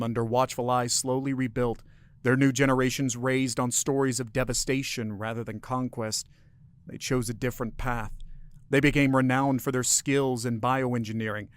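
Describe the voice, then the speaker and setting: A man narrating a science-fiction story in a measured, subdued scripted reading. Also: mid-range voice, clear, resonant tone.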